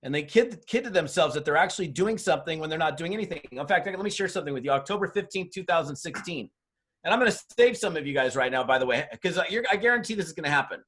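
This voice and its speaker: On a webinar mic, a middle-aged man who trains people in network marketing gives hard-edged, no-nonsense business advice in a motivational talk. He tells stories and performs the dialogue in a voice on the high side and a bit bright.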